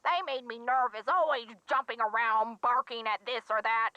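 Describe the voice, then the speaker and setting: A woman's voice: a little high, steady tone, normal speed, bright, forceful tone, smooth, no echo, dull audio. An actress voicing an older woman in a video game, a gangster's former sweetheart, with a folksy, drawling manner.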